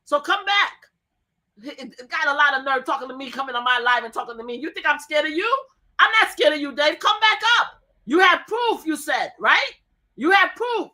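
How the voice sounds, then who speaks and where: A woman hosting a livestream, talking loudly and repeating her demands in a heated argument. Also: high voice, expressive, normal speed. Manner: loud, repeats pleading commands. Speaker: livestream host.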